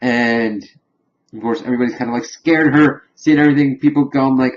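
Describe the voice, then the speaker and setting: A man rambles through a loose recap, peppering it with fillers and the odd curse. His voice sits at a middling pitch. The recording sounds muffled and lo-fi. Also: fairly even intonation, brisk, slight background noise. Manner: rambling, loose, profane storytelling with lots of fillers. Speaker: reviewer. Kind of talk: casual episode recap.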